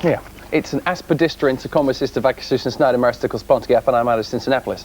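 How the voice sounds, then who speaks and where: A man's voice: medium pitch, a little mellow, slight background noise. A man hosting a children's TV show, cheekily reading out viewers' letters and the show's address. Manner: quick and cheeky. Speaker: children's TV host.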